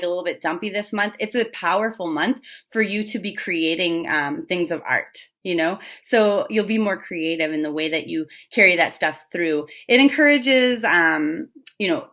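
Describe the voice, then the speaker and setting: A woman's voice: mid-range voice, a bit bright. Woman, casual tarot reader: chatty, blunt, filler-heavy delivery. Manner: chatty, frank, with fillers and swearing.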